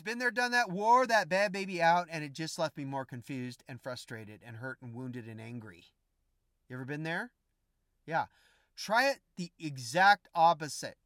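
A man's voice: fairly high pitch, a bit bright, no room sound, clean studio sound. A man giving an informal Christian spiritual message to viewers, emphatic and repetitive, speaking straight to his listeners. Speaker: Christian teacher.

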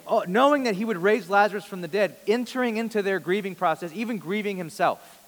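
A man preaching a sermon as a pastor. He reads scripture quietly and grows more intense when he voices questions. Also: sits high. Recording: long reverb of a large hall.

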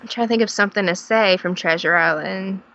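Woman with southern drawl, bright tense tone, animated storytelling, dull lo-fi recording. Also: mid-range voice, brisk, gravelly. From Tennessee. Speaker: podcast guest, stage actor. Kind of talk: casual conversation.

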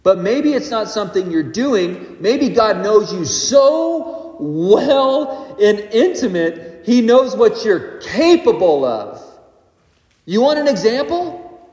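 Male pastor preaching to a congregation, higher voice, echoey church hall with long reverb. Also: slow. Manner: animated preaching, rising and dropping in loudness. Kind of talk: sermon.

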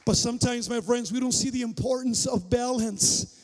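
Male pastor, very high voice, lively storytelling sermon with shouted peaks, reverberant church hall. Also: normal speed. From Mexican-American migrant family. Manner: animated, acts out dialogue, shouts for emphasis. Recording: long reverb of a large hall.

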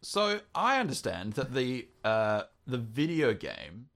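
Wry man with lively pitch. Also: takes it slowly. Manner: wry, dry humor. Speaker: podcast co-host. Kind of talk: casual chat.

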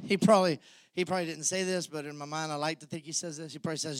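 Guy preaching a sermon, kinda high voice, tells the story like he's there, asks the crowd stuff. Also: steady tone, fast talker, no room sound, studio quality. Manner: vivid storytelling, audience call-outs. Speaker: pastor.

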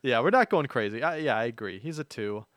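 A man's voice: medium pitch, sing-song, fast, fairly bright tone, no room sound. Chatty man hosting a podcast. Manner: chatty, upbeat, laughs easily. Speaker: podcast host. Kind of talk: casual chat.

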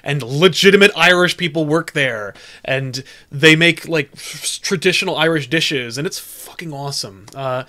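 A young man chatting casually as a podcast co-host, excitable and profane, with lots of stumbling restarts. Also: a little high, moderate pace, hardly any pauses. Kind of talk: casual chat.

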